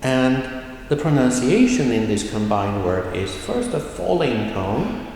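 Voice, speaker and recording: A man teaching a recorded language lesson, explaining slowly and carefully and drawing out his model words. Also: mid-range voice, big pitch swings, a little mellow, heavy reverb, long reverb tail, slight background noise, poor audio.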